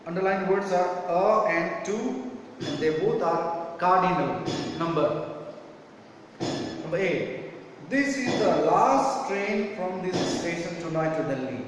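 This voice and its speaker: Male teacher, high-pitched, slow, spells words out; distant echoey classroom-style recording. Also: animated, noisy background. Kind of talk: homework correction lesson. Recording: echoey room from far off.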